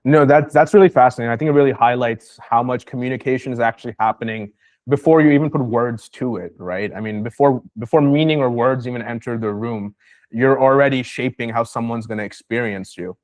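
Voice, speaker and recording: A host from New York leads a relaxed interview in a mid-pitched voice. The sound is dry and close, with steady affirming murmurs between thoughtful questions. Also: brisk, dry recording. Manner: attentive, with frequent affirming murmurs. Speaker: podcast host. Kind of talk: casual interview conversation.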